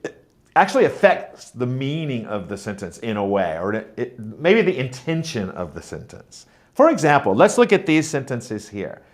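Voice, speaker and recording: A man teaching a pronunciation lesson, speaking deliberately and modeling words and sentences aloud to show stress. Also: mid-range voice. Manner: slow, deliberate, demonstrating stress patterns aloud. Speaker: teacher trainer.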